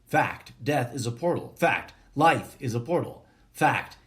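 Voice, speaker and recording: A man reads a short story aloud at an unhurried, drawn-out pace. His delivery is deadpan and deliberate, and he even speaks the formatting and punctuation. His voice sits at an ordinary middle pitch. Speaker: podcast host reading a short story.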